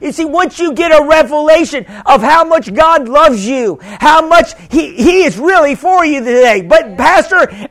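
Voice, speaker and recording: A man preaching a sermon as pastor, with sudden shouts and many repeated words. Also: extremely high pitch.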